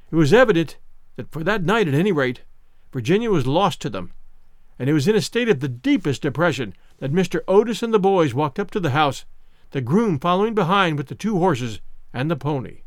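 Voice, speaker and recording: A man narrating a classic story in a measured, expressive reading. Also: on the high side, dry recording, clean studio sound. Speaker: audiobook narrator.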